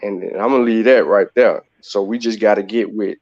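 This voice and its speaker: A man's voice: fairly low pitch, fairly even intonation, fairly quick, darkish tone, dull audio. Man hosting a rambling casual livestream. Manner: rambling, many restarts and "you know what I mean". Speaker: host.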